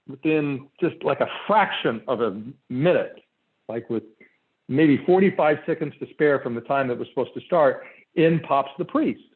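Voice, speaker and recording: A man on a coaching call, telling a story in an animated, conversational way with many fillers. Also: medium pitch. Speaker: real estate coach. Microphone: call line. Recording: tinny phone-like call audio.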